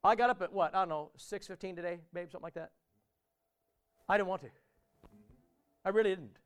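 A man preaches to his congregation in a church, speaking in a very high register. His tone stays smooth and clear. He talks in a loose, conversational way and keeps checking in with his listeners through questions. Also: a little fast. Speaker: pastor. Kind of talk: conversational sermon.

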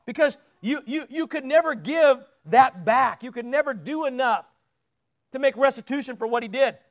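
A man with a strikingly high voice preaches a sermon to a congregation in a church. He talks casually, checks in with the listeners through questions, and stumbles over repeated words whenever he pushes a point home. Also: animated, moderate pace.

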